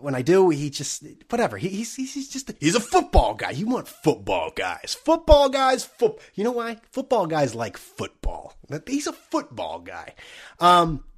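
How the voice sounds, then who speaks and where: A young man hosting his own podcast while sick and out of breath, ranting in a profane, sarcastic, rambling way. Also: fairly high pitch. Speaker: podcast host. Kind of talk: solo podcast rant.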